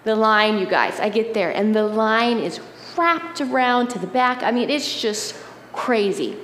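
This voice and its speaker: A woman giving a sermon, telling a personal story in a conversational, animated way, often checking in with the listeners. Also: on the high side, unhurried, a little hiss or hum. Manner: conversational, animated storytelling with frequent "right?" asides. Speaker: preacher. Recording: roomy hall reverb, faint ambience.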